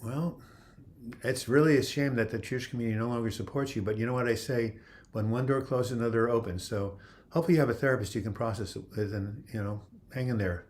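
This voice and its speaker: A man's voice: mid-range voice, fast talker, a little mellow. A man hosting a casual livestream, reading viewer comments aloud and answering them in a loose, rambling way. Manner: rambling, with frequent "you know" and restarts. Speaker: livestream host.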